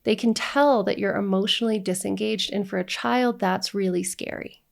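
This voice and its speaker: A woman's voice: mid-range voice, steady tone, moderate pace, creaky. A woman working as a divorce coach, talking straight to camera in an earnest way, often checking in with "right?" and listing feelings one after another. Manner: earnest, repeats "right?" and lists emotions in long runs. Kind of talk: direct-to-camera coaching talk.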